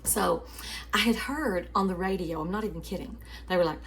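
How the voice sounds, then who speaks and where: A woman's voice: on the low side, fairly quick, fairly bright tone. A woman host telling a story in a devotional chat, calling her listeners sweeties and family and often laughing.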